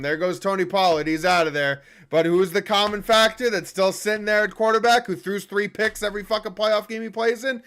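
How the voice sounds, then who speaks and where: High-voiced man ranting about football. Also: steady tone, fairly quick, few pauses, a bit bright. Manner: profane, ranting, heated. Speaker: podcast host. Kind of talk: casual sports chat.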